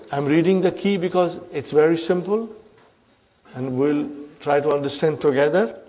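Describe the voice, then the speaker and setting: A man teaching Arabic grammar in a slow, drawn-out lecture, often checking in with his class. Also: on the high side, darkish tone.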